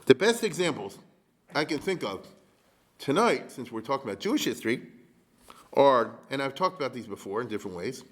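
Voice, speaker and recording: A rabbi lecturing on history in a loose, conversational way. He keeps checking in with his listeners and slips in wry, humorous asides. His voice sits at an ordinary middle pitch for a man. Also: sing-song, fairly quick, pauses often, fairly bright tone. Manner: chatty, keeps checking in with the audience.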